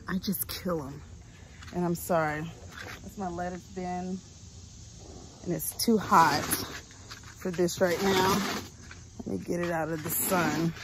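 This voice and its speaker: A woman walks through her garden talking in a slow, unhurried way, her voice sitting a little low. Her chat is folksy and loose, dotted with ums. Faint outdoor noise sits behind her. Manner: chatty, folksy, with frequent ums. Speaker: homestead vlogger. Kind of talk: casual garden walkthrough.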